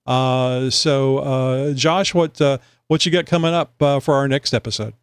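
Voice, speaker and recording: A male podcast host talks in loose, rambling, casual chat full of fillers. His voice sits at an ordinary pitch for a man. The sound is dry and close, with no room around it. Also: steady tone, unhurried, clear, resonant tone, no echo. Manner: rambling, chatty, many fillers.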